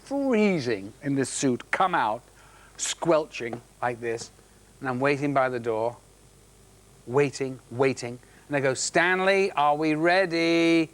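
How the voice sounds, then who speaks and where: A man's voice: medium pitch, lively intonation. Middle-aged male guest, anecdotal storyteller, stumbles and restarts, mimics others. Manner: halting restarts, acts out quoted voices. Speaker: actor guest. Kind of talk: anecdotal chat show storytelling.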